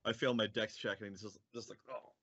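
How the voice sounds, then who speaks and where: A man's voice: fairly low pitch, little pitch movement, fast talker, a bit bright, muffled recording. A man playing a tabletop game, chatting casually and joking with the others. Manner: laughing, joking.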